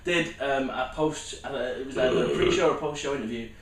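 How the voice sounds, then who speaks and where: A man's voice: mid-range voice, a little fast. A man hosting a podcast, telling stories in a rambling, sweary casual chat. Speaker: podcast host. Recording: roomy room, distant mic, faint noise.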